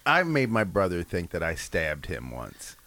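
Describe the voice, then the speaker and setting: A man's voice: low voice, huge pitch swings, a little slow, sharp tone, dry recording. A man co-hosting a radio show, chatting casually with dry, sarcastic teasing. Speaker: radio co-host. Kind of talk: casual on-air chat.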